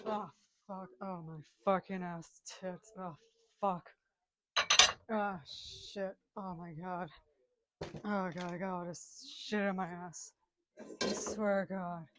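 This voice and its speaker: Slow-talking cursing woman in a noisy kitchen. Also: mid-range voice. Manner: constant cursing and groaning, muttering to herself; melodramatic wailing outbursts. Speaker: comedic vlogger. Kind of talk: crude comedic rambling while doing chores. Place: home kitchen.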